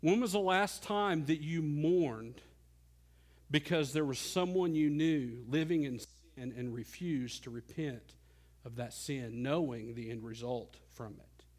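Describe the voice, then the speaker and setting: Middle-aged guy preaching, earnest, goes quiet then loud, voice on the higher side. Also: unhurried. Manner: earnest preaching, dropping soft and rising loud. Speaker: pastor. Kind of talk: sermon.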